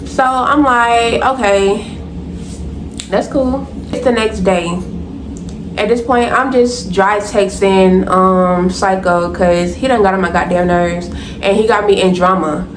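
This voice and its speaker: A young woman telling a storytime vlog to her viewers, animated, blunt and profane, often calling them y'all. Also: medium pitch, measured pace, roomy sound, background noise. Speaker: storytime vlogger. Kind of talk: casual storytime to camera.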